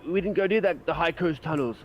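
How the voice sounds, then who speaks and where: A man's voice: fairly high pitch, fast, dull audio, a little hiss or hum. A man playing a tabletop game, arguing heatedly and swearing. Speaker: player. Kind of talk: tabletop role-play.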